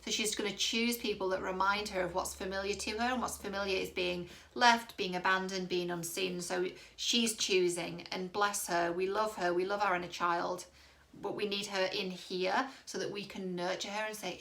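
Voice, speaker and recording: A woman's voice: mid-range voice, fairly even intonation, normal speed, vocal fry, fairly bright tone. A woman dating coach giving direct-to-camera relationship advice, candid and reassuring, with the odd casual swear.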